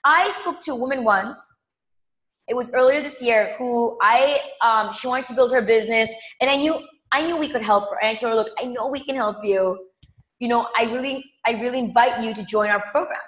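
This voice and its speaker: A woman's voice: on the high side, fairly quick, a bit bright, echoey room. A woman leading a live money coaching session, emphatic, repeating phrases and calling viewers by name. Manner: addresses viewers directly by name.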